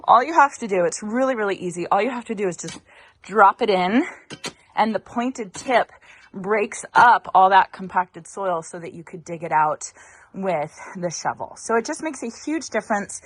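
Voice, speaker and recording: A woman's voice: medium pitch, expressive, moderate pace, no echo. A woman hosting a casual gardening vlog outdoors, chatty and a little out of breath from digging. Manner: chatty, thinks aloud with fillers. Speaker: gardening channel host.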